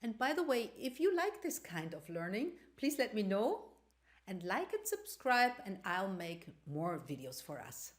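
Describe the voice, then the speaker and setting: A woman teaching a language lesson, explaining carefully and repeating example sentences. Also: medium pitch. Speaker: Greek teacher.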